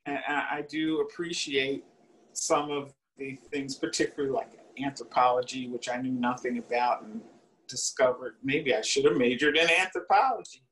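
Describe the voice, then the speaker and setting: A woman in her seventies, an alumna giving an oral history interview, unhurried and searching for details as she reminisces. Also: a bass voice, slight background noise, poor audio.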